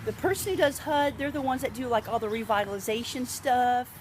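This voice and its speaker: A woman's voice: fairly high pitch, a little fast, slight background noise, low-quality recording. A woman, chatting in a rambling, improvised monologue and laughing often. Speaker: local video host.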